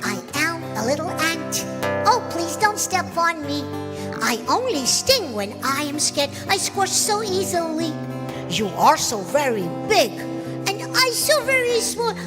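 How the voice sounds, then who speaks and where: A tiny, squeaky cartoon ant, pleading in a very high, bouncy singsong that drawls slowly. It is a children's action song, performed live in a big hall over loud backing music. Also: female voice, sing-song, heavily acted. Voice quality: cartoonish duck-like put-on voice. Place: large event hall.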